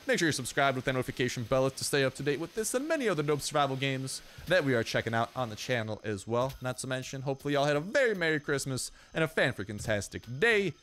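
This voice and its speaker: A young man hosting a let's play, talking casually to viewers and jokingly taunting animals in the game, with slang and quick asides. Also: mid-range voice, expressive, a bit bright. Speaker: gaming channel host.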